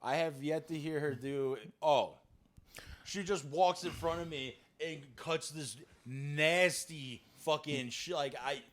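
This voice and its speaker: Excitable young man telling crude stories. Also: on the high side, takes it slowly. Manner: crude, excitable storytelling, laughs through punchlines. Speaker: podcast co-host. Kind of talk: casual comedic chat.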